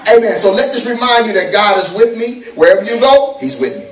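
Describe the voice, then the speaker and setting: A man preaching a sermon as pastor, reading scripture and riffing on it, often saying "amen" and "glory to God", getting loud and laughing as he acts out scenes. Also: very high-pitched, fairly quick. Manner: reads scripture then riffs on it, repeating "amen" and "glory to God"; loud, laughing, sing-song delivery when acting out the disciples. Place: church. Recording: echoey room, mic from a distance.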